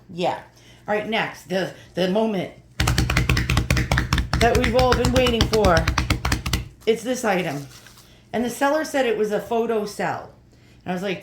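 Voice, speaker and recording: Fifty-something woman rambling thru a haul video, squinting and thinking out loud, kinda echoey room. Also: medium pitch, slight background noise. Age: 50s. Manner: thinks aloud while squinting at small items. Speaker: vlogger showing an online haul. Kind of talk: casual chatty haul video.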